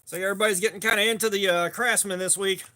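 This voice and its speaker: High, bright-voiced man chatting on a livestream. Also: fairly even intonation, very fast. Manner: greets viewers by name, rambling and chatty. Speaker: livestream host. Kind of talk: casual live-stream chat.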